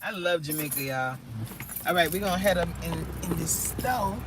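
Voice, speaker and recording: A woman's voice: on the low side, normal speed, very noisy. A woman hosting a casual livestream from her car, chatting with viewers, exclaiming and reading their comments aloud. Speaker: livestream host.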